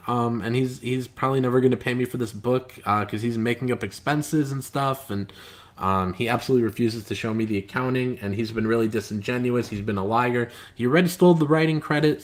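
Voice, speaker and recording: A comic book writer hosts a casual live stream, chatting loosely with viewers and reading their comments aloud. His middle-pitched voice rambles and halts, packed with filler words and carrying a steady aggrieved, complaining edge.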